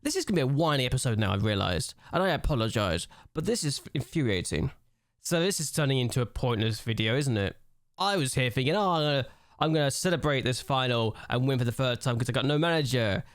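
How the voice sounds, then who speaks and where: A young man talks through a football management game, venting his exasperation out loud as he plays. His voice sits at an ordinary middle pitch. The sound is close and dry, with no room around it. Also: lively intonation, fast, dry recording. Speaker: gaming YouTuber. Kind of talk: let's-play gameplay commentary.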